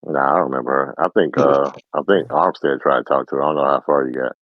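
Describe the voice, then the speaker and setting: Brash, very deep-voiced man joking fast. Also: fairly even intonation, no echo, dull audio. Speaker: podcast co-host. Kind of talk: casual group podcast banter.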